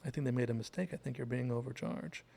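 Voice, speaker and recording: Man, gravelly voice, casual show recap, acts out quotes, mid pitch. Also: steady tone, quick pace, warm tone. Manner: loose retelling, acting out quotes with fillers. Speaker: show host.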